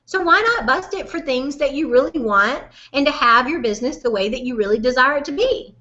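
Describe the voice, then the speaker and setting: Southern woman business coach, bright, forceful and folksy, on a dull lo-fi webinar recording. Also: high-pitched, fairly quick. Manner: animated, folksy and direct, calls listener "honey". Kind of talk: motivational webinar talk.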